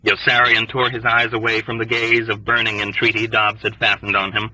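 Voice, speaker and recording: A man narrating an audiobook in a measured storytelling way. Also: lowish voice, level tone, pushed and bright, slightly rough, dry recording, distant mic, low-quality recording. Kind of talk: scripted narration.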